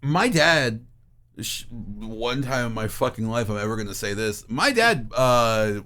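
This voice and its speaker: Male podcast co-host, casual and animated, frequent swearing. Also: mid-range voice, a little slow. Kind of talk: casual chat.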